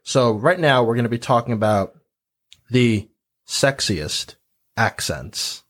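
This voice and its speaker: A man's voice: medium pitch, slow. A man from the Boston area hosting a casual panel chat, telling stories and acting out quotes. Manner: animated storyteller, acts out quotes. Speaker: podcast host.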